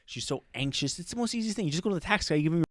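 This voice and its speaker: A man's voice: on the high side, lively intonation, very fast, dry recording, studio quality. A young man co-hosting a podcast, telling rambling stories in casual chat with lots of restarts. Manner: rambling storyteller, many restarts and laughs. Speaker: podcast co-host.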